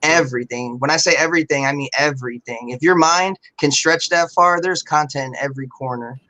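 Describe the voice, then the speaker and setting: Emphatic man with a slightly high voice. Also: brisk, sharp tone, poor audio. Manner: hyped, emphatic, repeats himself for stress. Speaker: guest, tattoo artist. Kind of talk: casual chat.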